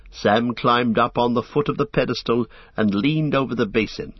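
Husky guy reading a story aloud, dry close mic, kinda dull sound. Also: medium pitch, normal speed, no echo. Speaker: audiobook narrator. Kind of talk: storybook narration. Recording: dull lo-fi audiobook recording.

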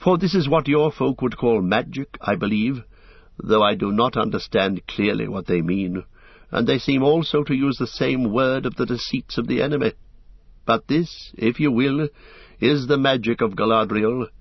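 A man voicing a wise, stately elf queen who speaks in formal, measured sentences, on a dull lo-fi recording. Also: mid-range voice, slightly rough, no echo. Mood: gentle.

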